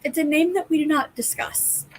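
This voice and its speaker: A woman co-hosting a casual livestream chat, chiming in with dry, quick asides. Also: sits high, steady tone, slight background noise, rough recording. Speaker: livestream co-host.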